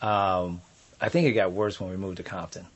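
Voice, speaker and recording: A man's voice: deep voice, normal speed, husky. A man from Houston, Texas, telling a story in a studio and chatting with laughter. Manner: lively, laughs while telling. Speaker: storyteller and podcast guest. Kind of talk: oral storytelling and casual chat. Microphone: studio microphone.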